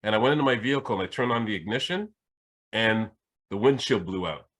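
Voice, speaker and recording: A man's voice: fairly low pitch, quick pace. A man from Jamaica, a spiritual teacher hosting a podcast, tells a personal story in casual chat, restarting his sentences often. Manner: animated anecdote telling with frequent restarts.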